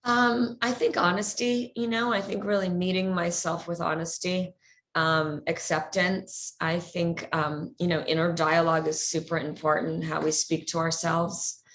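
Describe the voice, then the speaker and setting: Energetic middle-aged woman, low voice. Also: measured pace. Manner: energetic, laughs often, repeats words as she talks. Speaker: guest. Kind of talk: casual interview chat.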